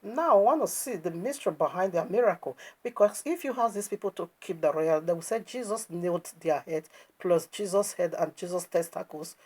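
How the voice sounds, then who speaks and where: A woman's voice: fairly low pitch, fairly quick, a little mellow, husky. A woman preaching, emphatic and scornful, asking rhetorical questions as she critiques a video. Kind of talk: sermon commentary on a video.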